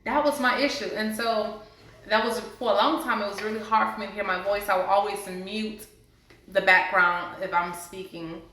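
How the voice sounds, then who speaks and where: A woman speaks straight to the camera, earnestly sharing her healing story. Her voice is bright and clear. The room rings with heavy echo. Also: medium pitch, steady tone, normal speed. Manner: earnest, heartfelt, faith-based encouragement. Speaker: vlogger sharing a personal story. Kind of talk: casual testimony to camera. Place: indoors, sitting before a camera. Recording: very echoey room.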